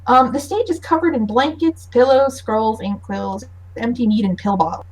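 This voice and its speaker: A woman narrating as game master in a tabletop game over voice chat, lively, with frequent fillers and laughs. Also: fairly high pitch, moderate pace, poor audio.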